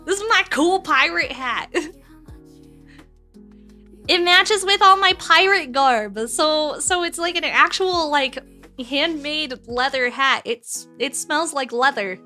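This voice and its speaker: A woman's voice: high-pitched, takes it slowly, pushed and bright, soft background music. A woman streamer chatting casually with her live chat from home, giggly and swearing freely.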